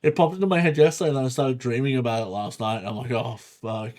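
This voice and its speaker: A man's voice: mid-range voice, fast talker, darkish tone. A man co-hosting a casual podcast from home. He talks in a loose, laid-back way, swears a lot and laughs easily. His voice is in the middle range and comes through a desktop USB microphone. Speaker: podcast co-host.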